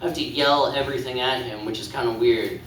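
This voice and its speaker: A man's voice: mid-range voice, quick pace, fairly bright tone, distant mic, slight background noise. A man doing stand-up, rambling and hesitant, with self-deprecating asides. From Canada. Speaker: stand-up comedian. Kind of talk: stand-up set. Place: comedy club stage. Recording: echoey room, mic from afar.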